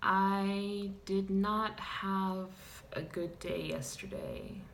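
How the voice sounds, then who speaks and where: A woman's voice: mid-range voice, big pitch swings, extremely slow, vocal fry, a bit bright, slight background noise, exaggerated voice. A woman playing a melodramatic clown-identifying woman. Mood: sulky. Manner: sighing, ranting, dramatic outbursts. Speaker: comedic vlogger character. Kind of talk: deadpan comedic character vlog.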